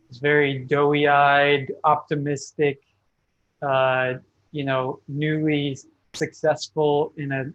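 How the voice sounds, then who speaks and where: A man speaks as a podcast guest on a remote call, measured and thoughtful, with a fairly high, flat voice. His sound is dull and lo-fi, like call audio. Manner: measured, thoughtful, uses fillers like you know. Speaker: podcast guest, brand founder. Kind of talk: reflective interview answers.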